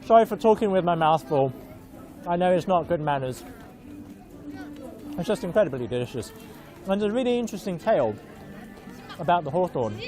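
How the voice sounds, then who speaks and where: A young adult reporter from northern China gives a friendly, chatty live walking tour, with many fillers. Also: mid-range voice. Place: busy outdoor market street in an old town. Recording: crowd and music outdoors.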